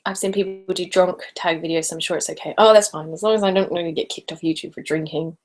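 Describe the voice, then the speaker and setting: A woman from Essex with an English accent, hosting a casual live stream. She chats and giggles while reading out viewer comments, sometimes dropping into soft whispers, and sips wine as she talks. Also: fairly low pitch, steady tone, fast talker. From Essex, England. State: sipping wine while talking. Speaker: ASMR creator hosting a live hangout.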